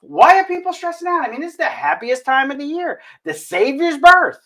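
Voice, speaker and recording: A man's voice: very high voice, sing-song, moderate pace, sharp tone. A man hosting a casual talk show, joking and stumbling over his words. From northern United States. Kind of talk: casual chat.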